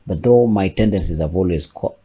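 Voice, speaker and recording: A man's voice: sits low, a little fast, mellow, breathy edge. A man, reflecting aloud in a casual podcast chat and often repeating words as he thinks. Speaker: podcast co-host.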